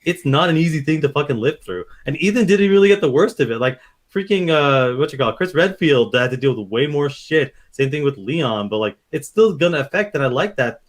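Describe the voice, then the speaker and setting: Quick, profane young male podcaster. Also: fairly high pitch. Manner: animated, profane, acts out quotes. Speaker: podcast co-host. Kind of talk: casual review chat.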